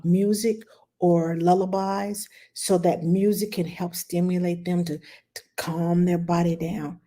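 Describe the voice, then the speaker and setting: A middle-aged woman, a nanny, giving casual baby-care advice in an animated, expressive way, sometimes dropping to a low, soothing tone.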